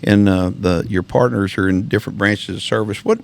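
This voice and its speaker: A man's voice: lowish voice, steady tone, fairly quick, creaky. A male host asking his guest questions in a conversational way. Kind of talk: interview questions.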